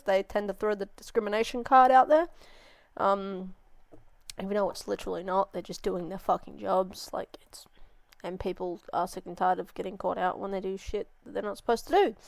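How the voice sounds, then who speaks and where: A woman's voice: medium pitch, moderate pace, vocal fry, no room sound. A young woman hosting a reaction video, ranting and swearing in exasperation. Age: young adult. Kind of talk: casual reaction commentary.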